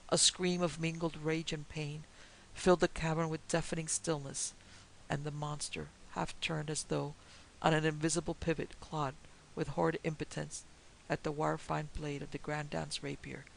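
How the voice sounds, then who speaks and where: Gravelly woman narrating a horror tale. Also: low voice, slight background noise, poor audio.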